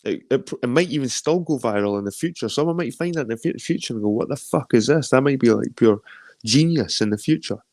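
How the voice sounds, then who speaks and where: A man's voice: medium pitch, lively intonation, fast, a little mellow, no room sound, clean studio sound. A Scottish man hosting a stream, chatting loosely and reading out viewer comments, rambling with lots of swearing. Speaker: stream host.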